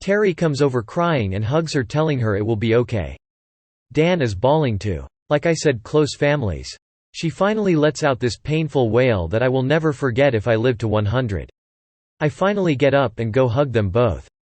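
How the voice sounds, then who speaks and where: A man tells a first-person story in a steady, plain voice at a middle pitch and a moderate pace, moving through the quoted dialogue without fuss. The recording is dry and close, with no room sound or echo.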